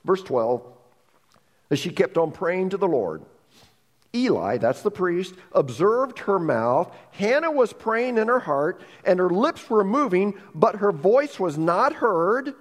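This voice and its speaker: Animated male pastor preaching in a hall. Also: sits high, takes it slowly. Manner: animated storytelling with humorous asides. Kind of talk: sermon.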